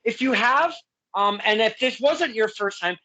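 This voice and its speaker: Man, interview host, lively bright voice, a little husky, excitable chat. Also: high-pitched, a little slow, poor audio. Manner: excitable, laughs often.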